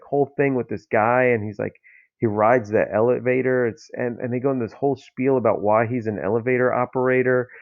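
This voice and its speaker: A man's voice: mid-range voice, creaky, dry recording. Rambling, incredulous man on a dull lo-fi recording. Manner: rambling, incredulous, lots of fillers. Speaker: podcast host. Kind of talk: casual comic book review. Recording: dull lo-fi, dry sound.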